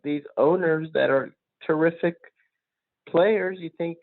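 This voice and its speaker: A man hosting a solo sports podcast, giving opinionated, rambling talk that rises in pitch when he gets worked up. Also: takes it slowly, creaky, no room sound. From North Carolina, USA. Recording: tinny phone-like line, dry.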